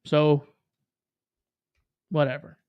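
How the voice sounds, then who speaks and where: A man's voice: on the high side, flat delivery, drawn-out words, a little mellow, clean tone, no echo, highs cut off. A man hosting a casual livestream, rambling with profane jokes and laughing asides. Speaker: livestream host.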